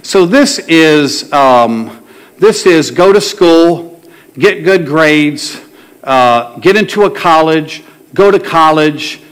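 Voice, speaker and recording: Conversational preacher, man, higher voice. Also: lively intonation, takes it slowly, fairly bright tone, clean tone. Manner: conversational, asks the congregation questions and tells jokes. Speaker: pastor. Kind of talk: sermon. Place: church sanctuary before a congregation.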